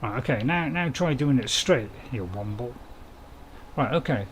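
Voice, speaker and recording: A man's voice: mid-range voice, lively intonation, moderate pace, slight background noise. A man, casually commenting on a farming game while streaming and chatting to viewers in a rambling, self-mocking way.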